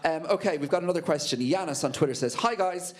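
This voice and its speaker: A man's voice: on the high side, fast talker. A man interviewing a band, asking chatty, rambling questions with fillers.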